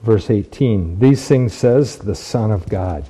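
A man's voice: on the low side, lively intonation, takes it slowly, mellow, slightly rough. A man preaching a sermon, reading scripture aloud and repeating key phrases for emphasis.

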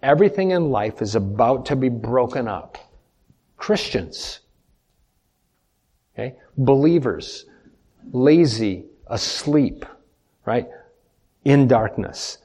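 A man's voice: mid-range voice, expressive, takes it slowly, pauses often, mellow, slightly rough. A man preaching a sermon as pastor, emphatic, repeating key points and putting questions to the congregation. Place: church.

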